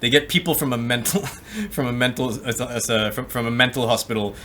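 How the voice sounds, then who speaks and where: A man's voice: medium pitch, animated, brisk, a bit bright, a little hiss or hum. A man co-hosting a podcast in a casual chat, rambling and swearing as he acts out quotes. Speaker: podcast co-host.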